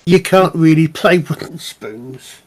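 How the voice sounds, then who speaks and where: A man's voice: a little high, measured pace, crowd noise. A man playing a tabletop game, thinking aloud and hesitating over his choices. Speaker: player. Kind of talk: casual tabletop play.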